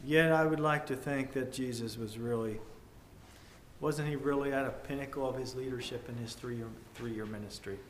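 A man preaching a sermon in a measured, earnest way, swinging between loud emphasis and hushed tones. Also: mid-range voice. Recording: echoey room with faint ambient noise.

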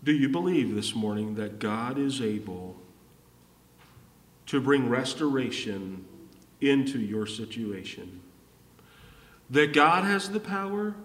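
Male preacher, slow and drawn out, animated pitch, long hall reverb. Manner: repetitive, rising to emphatic peaks and dropping low. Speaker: pastor. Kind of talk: sermon. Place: church hall. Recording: echoey hall from far off.

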